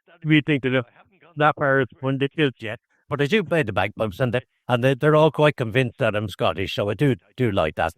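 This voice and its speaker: A man's voice: mid-range voice, animated, fast talker, dry recording. An Irish man, a guest on a podcast, telling meandering stories about his old fishing days and often restarting his sentences. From Ireland (Howth). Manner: meandering anecdotal storytelling with frequent restarts. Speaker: guest, fisherman turned distiller. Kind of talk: casual conversation.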